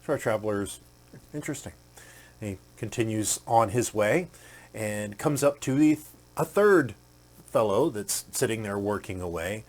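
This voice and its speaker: A man's voice: lowish voice, animated, a little slow. A man hosting a podcast, telling a motivational story in a conversational way with many fillers and acting out the quoted characters. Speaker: podcast host.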